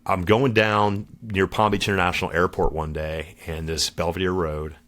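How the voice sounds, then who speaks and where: A man's voice: deep voice, flat delivery, normal speed, fairly bright tone. A middle-aged man, a former Marine guest on a podcast, telling his story in a casual, slangy way and calling the host dude and brother.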